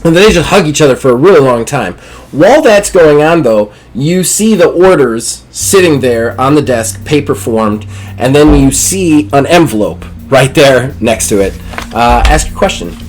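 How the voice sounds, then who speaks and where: Man game master, lively storytelling, slightly high voice, faint music behind. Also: moderate pace. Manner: animated storytelling with many fillers. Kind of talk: narrating a tabletop game.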